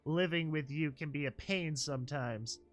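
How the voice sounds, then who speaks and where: Man voicing a childlike filly, high and cracking, pleading and stubborn; storybook reading. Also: moderate pace, a bit bright, soft background music, lightly acted. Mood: upset. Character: young filly foal, innocent, stubborn.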